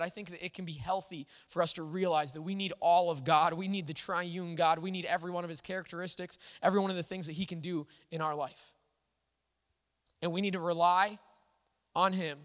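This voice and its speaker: A man's voice: sits high, fairly bright tone. Pastor guy giving a sermon, earnest and chatty, lots of restarts, church hall echo. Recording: long hall reverb.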